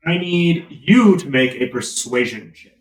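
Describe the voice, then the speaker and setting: A man running a tabletop game as game master, narrating casually with halting pauses and fillers. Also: fairly high pitch, very animated. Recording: roomy echo, from far off.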